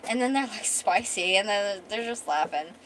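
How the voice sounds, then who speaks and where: A woman's voice: mid-range voice, animated, moderate pace, a bit bright, slight background noise, rough recording. Rambling young woman streamer. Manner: rambling, with many fillers and restarts. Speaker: comic artist and streamer. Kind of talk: casual chat.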